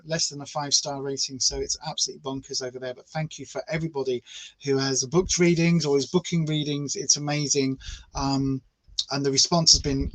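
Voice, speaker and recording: A man with a high, bright voice gives tarot readings live, chatty and playful and full of fond asides to his viewers. The sound is close and dry, with no room around it. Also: no echo, low-quality recording. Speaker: tarot reader.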